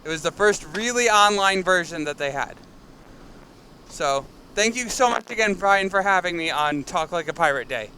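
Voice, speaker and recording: A man joins a casual chat as a guest, joking easily. His voice sits high and sounds bright and forward, with faint ambient noise behind him. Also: normal speed. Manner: relaxed, joking.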